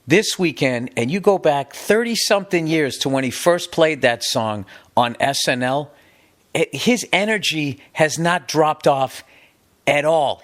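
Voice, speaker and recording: A man's voice: a little high, a bit bright. A middle-aged man from the United States hosting a podcast, talking in a casual, comedic monologue that rambles and swears emphatically. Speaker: podcast host.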